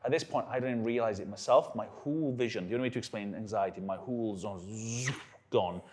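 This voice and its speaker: A young Welsh man telling stories in a casual interview, animated and acting out the people he quotes. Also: on the low side, a little fast. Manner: animated storyteller who acts out quotes. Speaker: guest.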